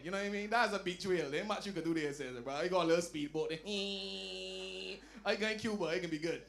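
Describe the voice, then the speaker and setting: A man performing a stand-up comedy set, telling loud, animated stories and dropping into low asides. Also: a little fast, vocal fry, few pauses. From Barbados. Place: lounge comedy night.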